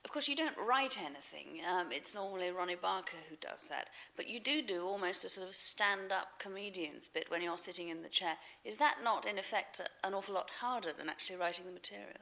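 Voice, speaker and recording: A woman's voice: fairly low pitch, lively intonation, brisk, gravelly, few pauses, sharp tone, low-quality recording. A woman interviewing a guest, asking long, prompting questions.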